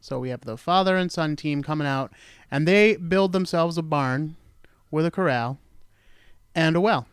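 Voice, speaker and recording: A man's voice: a little high, moderate pace, clean tone, no room sound, studio quality. A man hosting a true-crime talk show, telling the story in a rambling, jokey way and correcting himself as he goes. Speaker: podcast host. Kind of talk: casual true-crime chat.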